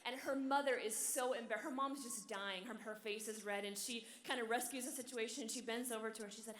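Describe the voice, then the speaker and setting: Quick, bright-voiced nun in a big echoing hall. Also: female voice, a little high, slight background noise. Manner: chatty, keeps asking the crowd "okay?" and "right?"; animated storyteller. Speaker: nun speaking at a youth conference. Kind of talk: humorous inspirational talk. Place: large conference hall. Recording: echoey hall, long reverb.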